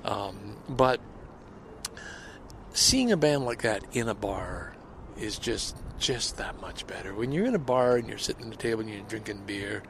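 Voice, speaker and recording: Rambling older man with a gravelly voice. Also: on the low side, a little slow. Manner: rambling, self-interrupting, talks to listeners. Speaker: vlogger and podcaster. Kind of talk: casual outdoor audio vlog. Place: outdoors in a city, at a station and on a bench. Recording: city street and vehicle noise.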